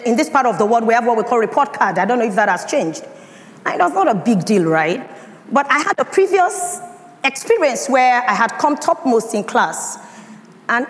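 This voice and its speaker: A woman with a Nigerian accent giving a motivational talk and telling a personal story with dramatic emphasis. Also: fairly high pitch. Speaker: speaker. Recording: echoey hall, faint ambience.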